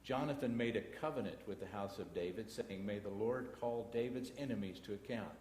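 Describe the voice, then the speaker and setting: A man's lowish, darkish voice moves at a brisk clip as he teaches a Bible class in a church auditorium. He has a Texan accent and alternates reading scripture aloud with folksy asides. Broadcast from an echoey church hall, the audio has slight background noise.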